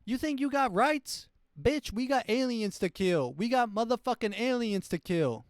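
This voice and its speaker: A man voicing a loud, cursing future president who yells at people. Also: very high-pitched, lively intonation, normal speed, no echo, studio quality, voice pushed up. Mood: yelling. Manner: yelling, cursing, aggressive.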